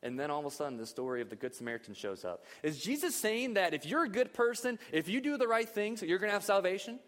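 A man's voice: sits high, fast. Man preaching in an echoing hall. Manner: lively, conversational preaching with frequent rhetorical questions. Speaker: pastor. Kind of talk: sermon. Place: church service.

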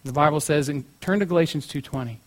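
A man's voice: fairly high pitch, quick pace. A young man preaching in a casual, chatty way, telling a story with many fillers like "you know".

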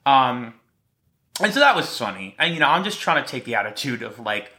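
Bright-voiced man with a slight lisp. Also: medium pitch, big pitch swings, a little fast. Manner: light-hearted, rambling storytelling. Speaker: podcast host. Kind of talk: casual solo podcast talk.

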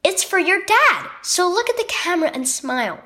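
A woman's voice: extremely high pitch, very animated, normal speed, pushed and bright, slight background noise, voice pushed up, exaggerated voice. A woman reading a children's story aloud, voicing a mother who firmly coaxes her daughter to smile and be brave.

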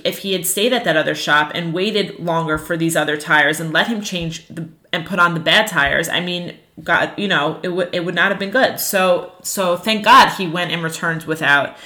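A woman teaching a lesson on Jewish ethics, her voice low-pitched yet bright and forceful. She talks in an earnest, animated way, with plenty of fillers like "you know." She moves easily from teaching points to personal stories. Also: moderate pace. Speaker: religious teacher.

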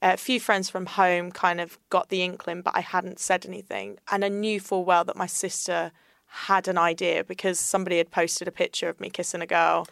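A woman's voice: on the low side, flat delivery, normal speed, creaky, a bit bright, dry recording, clean studio sound. A young woman, a podcast guest, telling her personal story in a candid, earnest way.

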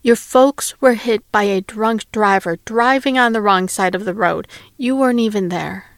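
A woman's voice: medium pitch, moderate pace, no echo, clean studio sound, close to an everyday voice. A woman reading aloud and voicing an uncle who firmly tells his nephew off. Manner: firm, scolding. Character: firm, exasperated uncle.

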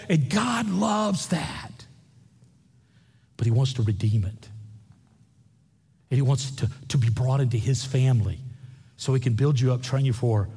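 A pastor preaching a lively sermon, full of jokes and quick asides to the congregation. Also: male voice, medium pitch, husky. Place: large church hall. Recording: echoey hall, from far off.

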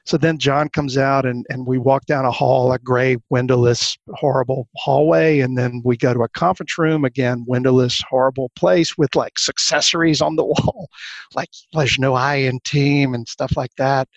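A man as an interview guest, telling workplace anecdotes in an animated way and acting out the lines of the people in them. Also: medium pitch, normal speed, dry recording, lo-fi sound. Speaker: guest consultant. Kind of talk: storytelling in a podcast interview.

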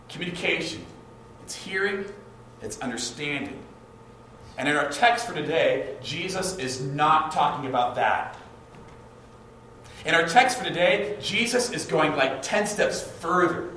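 A man's voice: fairly high pitch, animated, a little slow, long pauses, bright, forceful tone, slight background noise. A man preaching a sermon in a conversational way, acting out short quoted exchanges, heard from a distance in an echoey hall. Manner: conversational, acts out quoted couples. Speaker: pastor.

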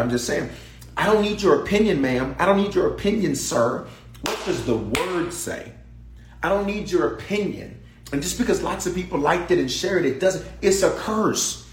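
A male bishop preaching a sermon, his voice swooping high and low as he calls out and repeats lines to his congregation. He moves from hushed asides to shouted peaks. The sound carries the echo of a church room. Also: a little hiss or hum. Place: church sanctuary.

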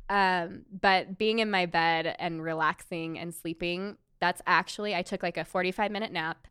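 A woman's voice: on the low side, fairly bright tone, clear, resonant tone, no room sound, clean studio sound. A woman in her thirties who works as a doula, talking earnestly and personally in a chatty way with many fillers. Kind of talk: casual talk about birth.

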